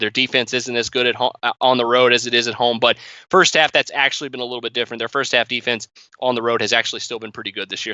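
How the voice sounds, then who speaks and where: A man giving quick, confident sports betting picks, now and then correcting himself as he goes. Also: mid-range voice, pushed and bright, no echo, lo-fi sound. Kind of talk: fast betting picks breakdown.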